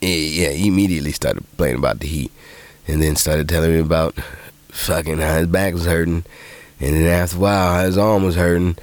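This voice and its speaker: A man hosting a podcast who tells profane, animated stories in casual monologue and jumps into high voices when he quotes people. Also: brisk, no room sound. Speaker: podcast host.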